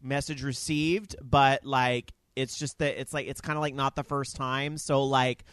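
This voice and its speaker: A man's voice: mid-range voice, flat delivery, unhurried, a bit bright, smooth, no room sound, studio quality. A man co-hosting a podcast, chatty and campy, with many fillers, in casual chat. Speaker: podcast co-host.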